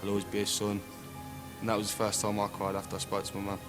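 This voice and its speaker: Low-voiced man under loud music. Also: monotone, quick pace. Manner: blunt, matter-of-fact storytelling. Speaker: interviewee recounting arrest abroad. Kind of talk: documentary interview testimony.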